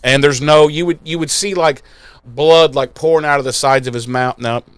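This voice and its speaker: A man's voice: a little high, fairly even intonation, moderate pace, clean tone, dry recording. Laughing, rambling man podcaster. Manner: rambling, laughing, profane retelling. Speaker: podcast co-host. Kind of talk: casual chat.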